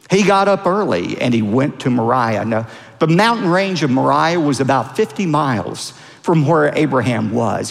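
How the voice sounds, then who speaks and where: A man preaching a sermon as a pastor, dramatic, with wide swings in pitch and volume. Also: creaky. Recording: long reverb of a large hall.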